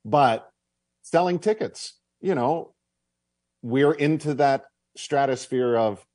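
A man's voice: mid-range voice, takes it slowly, a little mellow, no room sound. A man hosting a sports radio show, chatty and promotional as he plugs the evening game. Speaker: radio and TV hockey broadcaster, host. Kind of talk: casual sports radio talk.

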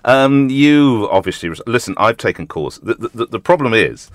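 A man's voice: mid-range voice, lively intonation, moderate pace, no room sound. A middle-aged man, a breakfast radio host, talking frankly and joking in a casual interview, with lots of restarts and the odd swear word.

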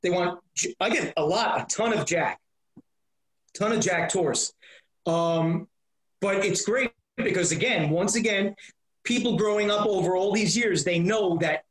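Speaking a little slowly in a high-pitched voice, a prank-call comedian rambles through a casual interview as a guest, often restarting and repeating words. The audio quality is poor.

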